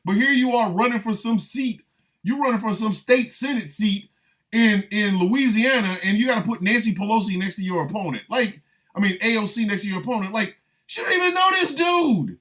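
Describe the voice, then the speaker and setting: A man's voice: sits high, fairly quick, a bit bright. A man delivering a comic monologue, riffing with repeated lines and mock-incredulous asides. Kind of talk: comedic monologue.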